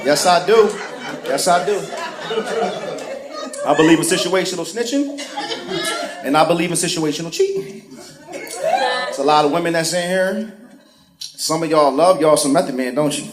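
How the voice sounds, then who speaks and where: Animated, profane male stand-up comic. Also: on the high side, normal speed, pauses often. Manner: profane, animated, acts out other people's voices. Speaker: stand-up comedian. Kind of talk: live stand-up comedy. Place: comedy stage before a laughing audience. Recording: roomy live venue with crowd laughter.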